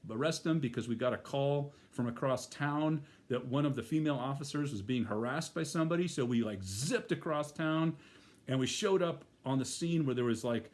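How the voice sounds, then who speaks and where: A man's voice: mid-range voice, darkish tone. A middle-aged man telling a personal story in a casual, rambling way, full of fillers and restarts.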